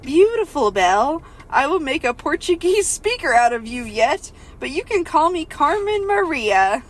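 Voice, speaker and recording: A woman's voice: sits high, very animated, normal speed, pitched above the performer's own voice. A woman reading out a haughty, demanding woman who insists her name be said right, in a lightly lifted voice. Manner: read aloud in a lightly lifted voice.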